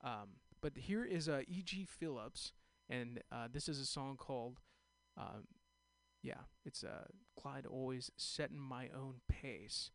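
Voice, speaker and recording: Gravelly, rambling radio host. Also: male voice, medium pitch, slow, dry recording. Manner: rambling, many fillers. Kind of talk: casual live radio chat.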